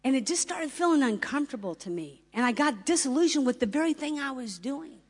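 A middle-aged woman giving a fervent sermon-style testimony, building to loud rising climaxes and acting out dialogue. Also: sits high, animated, fairly quick. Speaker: ministry founder and speaker. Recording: long hall reverb.

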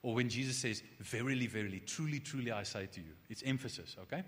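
A man preaching a conversational sermon, animated, with restarts and asides. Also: medium pitch, quick pace. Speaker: pastor. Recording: long hall reverb.

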